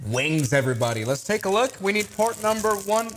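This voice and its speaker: A man's voice: high-pitched, very animated, fairly quick, soft background music. A young man with a Swiss accent chatting casually to viewers on a live stream while struggling to build a model kit, self-mocking and exasperated.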